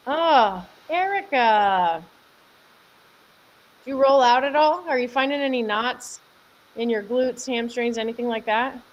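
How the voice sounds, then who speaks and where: A woman's voice: a little high, unhurried, pauses often, highs cut off. A young woman fitness coach on a home live stream. She explains a workout in an upbeat, chatty way, answers viewers by name and laughs often. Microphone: camera mic at home.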